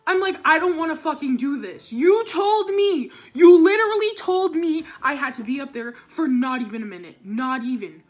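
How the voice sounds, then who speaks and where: A young woman vlogger telling a storytime about school, animated and swearing, acting out what people said. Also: sits high, normal speed. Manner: animated, swearing, dramatic re-enactments. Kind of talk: storytime vlog.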